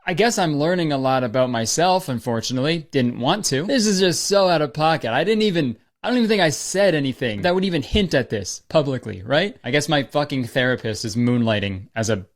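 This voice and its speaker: Young dude riffing sarcastically on a comedy channel, swears, slips into silly voices. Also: male voice, on the high side, animated, brisk, few pauses. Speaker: comedy YouTuber. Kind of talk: comedic commentary.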